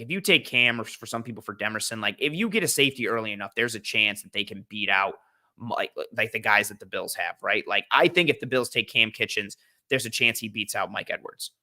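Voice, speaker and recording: A man's voice: on the low side, sharp tone. A young man hosting a casual football draft discussion, rambling with fillers and restarts. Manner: rambling, lots of fillers and restarts, hums to himself while thinking. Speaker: podcast host. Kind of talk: casual draft-analysis chat.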